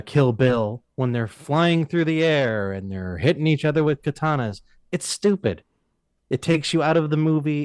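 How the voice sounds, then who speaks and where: A man's voice: mid-range voice, a little mellow, no room sound, clean studio sound. Opinionated man in a casual chat. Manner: opinionated, with hesitant fillers.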